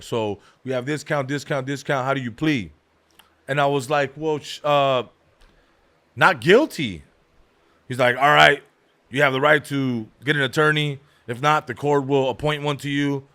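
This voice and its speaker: A man hosting a comedy podcast, telling a story with street slang and acting out every person in it with big swings in volume. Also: a bit bright. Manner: acts out every character with big jumps in pitch and volume; street slang, calls people "dog" and "bro".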